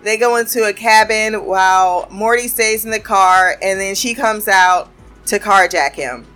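A woman's voice: mid-range voice, unhurried, fairly bright tone, faint music behind. Chatty, profane woman recapping. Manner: chatty, profane, laughing often. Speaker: episode recapper. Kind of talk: casual cartoon episode recap.

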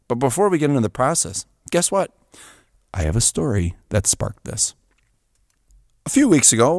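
Lively low-voiced man telling a story. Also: dry recording, clean studio sound. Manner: animated, chuckles often. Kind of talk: storytelling monologue.

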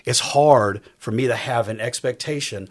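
A husky-voiced man in his fifties, speaking as a guest in a faith-based conversation. He talks emphatically, with a preacher's cadence, and circles back to repeat his key lines. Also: mid-range voice, moderate pace. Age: 50s. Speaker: guest on a faith talk show.

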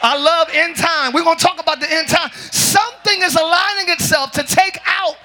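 A man preaching a lively sermon as pastor to a congregation, joking and calling out to them. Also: very high voice, moderate pace, noisy background. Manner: shouting, joking, calls to the congregation. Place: large church with congregation.

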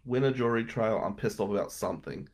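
An expressive, fast-talking man in his thirties, a trial attorney from Atlantic City, delivers a candid interview monologue on his difficult early career. He swears freely and speaks bluntly, his energy rising from low and subdued to loud and heated.

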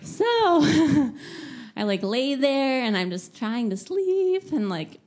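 A young woman telling a travel story in a casual, animated way, laughing often and saying "like" a lot. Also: a little high, a little slow. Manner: animated, laughing often, many filler likes.

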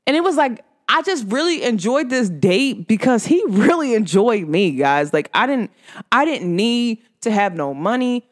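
A woman hosting her podcast, talking casually about spirituality and telling a personal story in an animated way, full of "like". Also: mid-range voice, moderate pace. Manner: animated storytelling, filler-heavy with frequent "like". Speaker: podcast host.

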